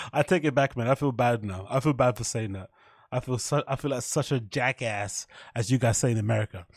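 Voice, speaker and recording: A man's voice: mid-range voice, moderate pace, no room sound, clean studio sound. A man, hosting a casual podcast and rambling in a chatty, self-mocking way with lots of swearing. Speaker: podcast host.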